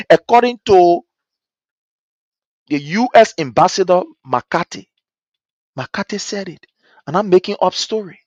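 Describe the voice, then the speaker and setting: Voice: mid-range voice, no room sound, poor audio. Activist, passionate rally-style address, dry close sound. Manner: fervent, repetitive rallying cries. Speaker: political activist addressing supporters abroad. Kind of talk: impassioned political address.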